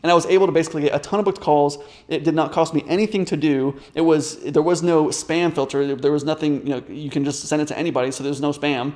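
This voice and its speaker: Fast-talking, rambling man. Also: on the high side, steady tone, a little mellow. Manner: rambling, fast, many fillers and restarts. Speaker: business coach. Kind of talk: casual storytelling to camera.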